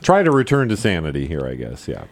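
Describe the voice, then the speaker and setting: A man's voice: a bass voice, wildly swooping pitch, fast. A man co-hosting a morning radio show, making wry, laughing asides. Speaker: radio co-host. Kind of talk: playful morning radio banter.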